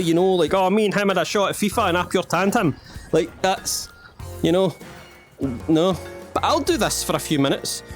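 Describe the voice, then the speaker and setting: A Scottish man hosting a let's-play, rambling in self-mocking jokes and asides to the viewer while he plays. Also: sits high. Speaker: gaming channel host. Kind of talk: playful let's-play commentary.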